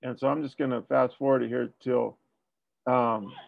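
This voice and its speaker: A man's voice: medium pitch, flat delivery, unhurried, creaky, dry recording, narrow, tinny audio. A man working as a police tactics trainer, talking through a debrief and asking rhetorical questions. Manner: explanatory, asks rhetorical questions.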